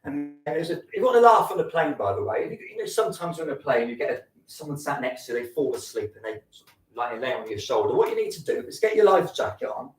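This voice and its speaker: A man's voice: on the high side, sing-song, quick pace. A man doing camp, bawdy stand-up comedy on a stage, slipping into put-on voices for his stories. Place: theatre stage at a fringe festival. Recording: echoey live room, voice from a distance.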